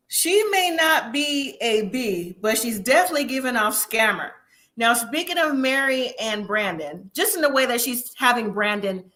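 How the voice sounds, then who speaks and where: A woman's voice: a little high, pushed and bright. A woman hosting a casual live review chat, opinionated and chatty, laughing often. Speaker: host.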